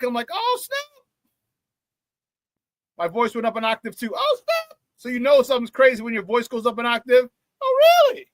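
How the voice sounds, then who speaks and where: A man hosting a live-streamed sports talk show, reading viewer chat in an excitable, hyped way, laughing often and using slang. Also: very high voice, dry recording.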